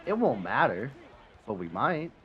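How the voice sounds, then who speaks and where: A young man giving casual, animated commentary over a football video game, cursing and swinging between frustration and excitement. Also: mid-range voice, unhurried. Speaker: gaming commentator. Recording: slightly dull sound, faint background noise.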